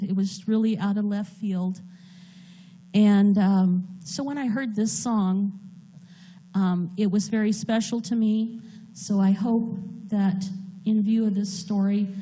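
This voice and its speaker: Slow, earnest woman in her sixties. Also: mid-range voice, mellow, rough recording. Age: 60s. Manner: earnest, heartfelt storytelling. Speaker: church member giving a testimony. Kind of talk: personal testimony. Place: church.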